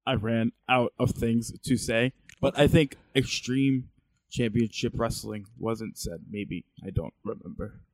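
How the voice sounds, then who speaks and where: A man's voice: medium pitch, steady tone, a little slow, dry recording. A man playing a goofy, unsure podcast co-host in a comedy sketch.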